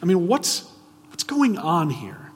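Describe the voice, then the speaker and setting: A man preaching a sermon, asking the audience frequent rhetorical questions and swinging between hushed and loud, emphatic delivery. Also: high-pitched, huge pitch swings, takes it slowly. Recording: long reverb of a large hall.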